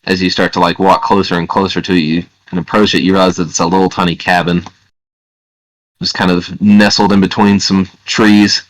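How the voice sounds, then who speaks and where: Low-voiced man running a tabletop game. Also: low-quality recording. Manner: relaxed, halting, many fillers. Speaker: game master.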